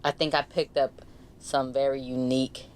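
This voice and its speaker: A woman with a Bay Area accent, chatting casually as a podcast host, talking fast, dropping her R's and laughing often. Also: a bass voice, little pitch movement, a little mellow, slight background noise. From San Francisco Bay Area. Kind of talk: casual chat.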